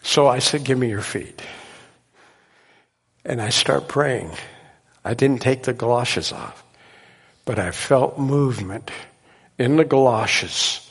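A man preaching, telling a miracle story in an animated way and laughing at his own tale. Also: medium pitch, slow, creaky, pauses often, slightly rough, big-room sound. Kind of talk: sermon testimony storytelling.

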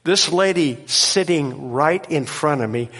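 A man preaching, telling a miracle story in an animated way and laughing at his own tale. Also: fairly high pitch, a little slow, long reverb tail. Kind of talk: sermon testimony storytelling.

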